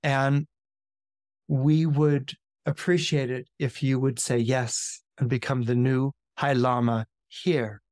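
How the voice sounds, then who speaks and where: A man voicing an ancient, serene male high lama who speaks slowly and gravely in a story retelling. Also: little pitch movement, a little mellow, no echo, studio quality, close to an everyday voice. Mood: calm solemn.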